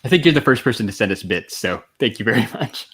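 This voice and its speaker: Upbeat podcast host giving shout-outs. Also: male voice, lowish voice, expressive, fast talker, slight background noise. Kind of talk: casual chat.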